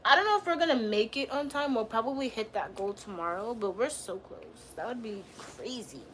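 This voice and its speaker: A young woman talking casually to her livestream chat in a high voice. She speaks in loose slang and teases and trash-talks the people in her chat. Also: expressive, normal speed, a bit bright, a little hiss or hum.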